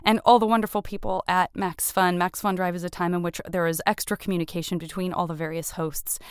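Clear-voiced woman podcast host, dry. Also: on the low side, fairly even intonation, a little fast, dry recording. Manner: playful, emotional, self-mocking. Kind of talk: podcast interview and fundraising message.

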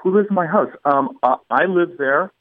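A middle-aged man, a guest poet, chatting and reading his humorous poems aloud in a dry, deadpan way. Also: a little high, normal speed, dry recording. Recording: tinny phone-like line.

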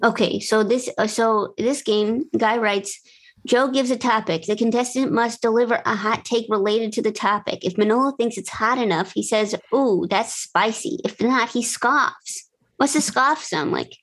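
A woman hosting a comedy podcast game show, chatting with callers in a playful, quick, giggly way. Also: on the high side, a bit bright. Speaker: podcast host. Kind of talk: casual comedic chat.

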